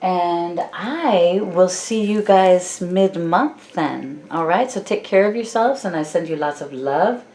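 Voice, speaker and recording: A woman giving a channeled tarot reading, speaking softly and affectionately to her listeners with slow, drawn-out phrasing. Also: fairly low pitch. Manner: soft, affectionate, addresses listeners as "my loves". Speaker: tarot card reader.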